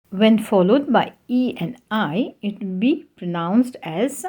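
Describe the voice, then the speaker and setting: A woman teaching French pronunciation, spelling out letters and example words one at a time with pauses. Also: medium pitch, animated, a little mellow, breathy edge. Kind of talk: slow, careful pronunciation lesson.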